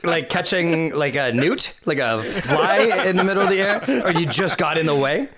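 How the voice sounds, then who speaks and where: A man's voice: fairly high pitch, moderate pace, a loud crowd. A man co-hosting a podcast in casual chat, teasing with joking questions. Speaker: podcast co-host.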